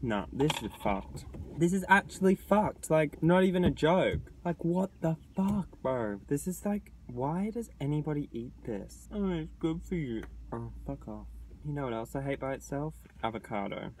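A man's voice: a little high, lively intonation, normal speed, a little mellow, a little hiss or hum, low-quality recording. A man vlogging in a casual chat, complaining bluntly and sarcastically and swearing freely.

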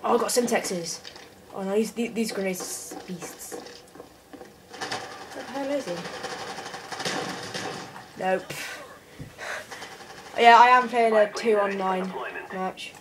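A woman giving excitable gameplay commentary, often exclaiming in alarm. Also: mid-range voice, takes it slowly, pauses often. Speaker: gamer. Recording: noisy game audio behind.

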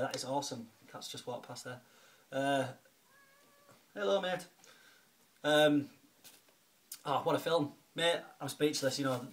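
A man's voice: mid-range voice, fairly bright tone. A man chatting casually in a home vlog, thanking a friend and filling his talk with ums and restarts. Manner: chatty and grateful, lots of fillers and restarts. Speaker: video blogger, film collector.

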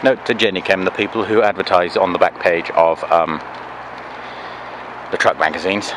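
Dry, self-mocking trucker vlogging outdoors. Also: male voice, low voice, fairly even intonation, normal speed. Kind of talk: casual vlog monologue. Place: outdoors beside a truck at night. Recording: noisy outdoor camera audio. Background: vehicle and traffic noise.

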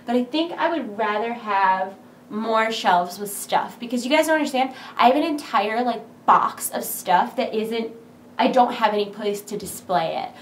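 A young woman vlogging casually from home, rambling with lots of "like", excited and nervous, recorded on her camera mic in a big empty room. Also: fairly high pitch, normal speed, roomy sound, a little hiss or hum. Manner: chatty, rambling, full of "like". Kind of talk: casual vlog chat. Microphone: camera's built-in mic.

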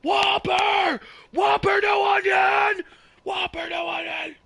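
A man putting on a frantic fast-food worker who shrieks out orders. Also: very high-pitched, steady tone, vocal fry, sharp tone, raised voice, some chatter behind, pitched above the performer's own voice, full character voice.

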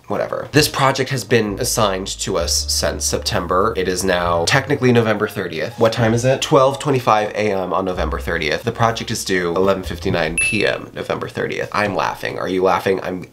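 A young college student rambles to the camera, fairly low-voiced and full of self-mocking sarcasm. His pitch leaps around for emphasis as he jokes his way through. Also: expressive, brisk, hardly any pauses, fairly bright tone, a little hiss or hum. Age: young adult. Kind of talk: casual vlog to camera.

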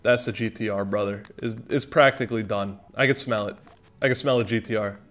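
Give me a man with a bright voice casually joking through his gameplay with faint game music behind. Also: fairly low pitch, steady tone, a little fast. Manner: rambling, self-joking, exclamatory. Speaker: gaming streamer.

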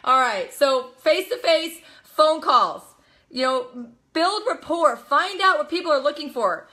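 A young woman coaching a live audience with a high, bright voice. She talks with emphatic energy and drops into playful acted-out quotes. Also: expressive, a little slow. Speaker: network marketing coach. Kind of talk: live motivational talk.

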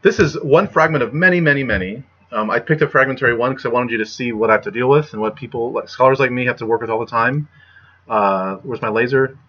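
A man's voice: medium pitch, fast. A young man giving a casual lecture from home, chatty, with frequent "right?" and "like" and filler sounds. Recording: muffled lo-fi recording.

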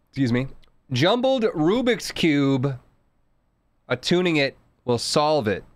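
A man's voice: a little high, big pitch swings, takes it slowly, no echo. Chatty male game streamer. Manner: chatty, thanks viewers, muses aloud about items. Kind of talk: casual live game commentary. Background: game music.

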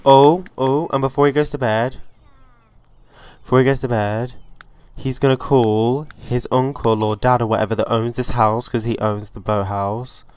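A man hosting a let's play, giving chatty, excitable gameplay commentary and swearing freely. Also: mid-range voice, moderate pace, clear, resonant tone, no echo.

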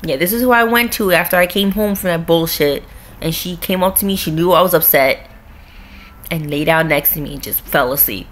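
A woman's voice: on the low side, fairly quick, fairly bright tone. Blunt, profane young woman venting. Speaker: vlogger. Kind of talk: casual vlog rant. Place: at home with her cat.

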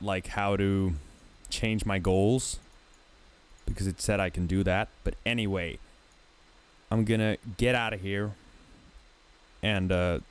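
A man giving casual gameplay commentary as host of a let's play, thinking aloud in a musing, halting way. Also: on the low side, slight background noise. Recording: game music clearly behind.

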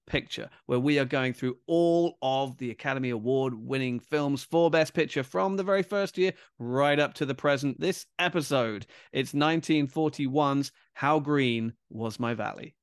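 A man co-hosting a casual film review show, talking in a relaxed conversational way with fillers. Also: medium pitch, normal speed, few pauses, clean tone, no echo, clean studio sound. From Britain. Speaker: podcast co-host.

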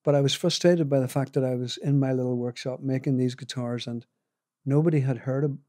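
An older man with a Northern Irish accent recounts stories in a modest, unhurried way, chuckling now and then. His voice is warm and mellow, and the recording is dry and close with no room sound around it. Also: medium pitch, steady tone, dry recording. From Northern Ireland. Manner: modest, chuckling, rambling anecdotes with restarts. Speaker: guitar maker, podcast guest. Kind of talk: casual storytelling interview.

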